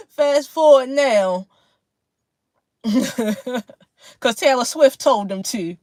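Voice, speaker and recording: A woman's voice: high-pitched, no echo. A woman hosting a casual livestream chat with her viewers, blunt, slangy and profane, laughing often between remarks. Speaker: livestream host.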